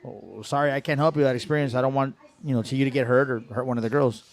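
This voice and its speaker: A male comedian voicing a brisk, businesslike young woman in a dirty joke, in a pitched-up, sing-song put-on voice. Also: fairly even intonation, close to an everyday voice.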